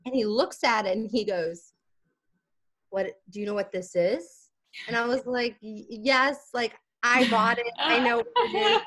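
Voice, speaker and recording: A young woman with a slightly high voice tells a story as a podcast guest in casual conversation, speaking unhurriedly. She's animated, acting out the dialogue as she goes and laughing often.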